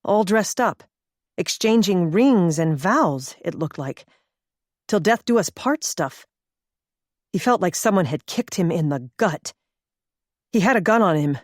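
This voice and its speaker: Reading from a script, a woman narrates an audiobook at an even, deliberate storyteller's pace. Her pitch sits on the low side, and the clean studio sound carries no room ambience.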